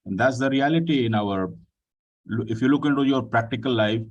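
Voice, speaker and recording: A man leads an online group session. He speaks at a middle pitch, courteous and unhurried, with plenty of filler sounds. His voice comes from a bit back from the mic. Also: far from the mic, muffled recording. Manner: polite, addresses people with "ji" and "sir"; pauses with frequent fillers. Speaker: session host.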